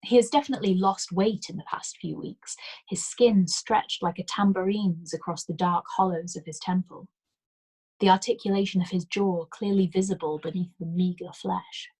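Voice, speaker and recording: A woman reading a novel aloud as a bedtime storyteller, in a calm, measured way. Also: on the low side, slightly rough, poor audio.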